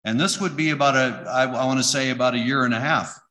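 Bright-voiced man telling his story. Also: mid-range voice, quick pace. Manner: emotional storytelling, conversational with fillers. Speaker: church member giving testimony. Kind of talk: personal testimony.

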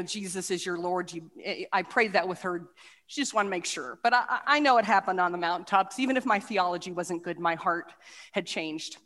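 A middle-aged woman tells her testimony at medium pitch, stumbling over restarts and fillers as she goes. She acts out the quoted voices animatedly. Her voice rings with the long reverb of a hall. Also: a bit bright. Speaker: speaker giving a testimony. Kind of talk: personal testimony talk with slides.

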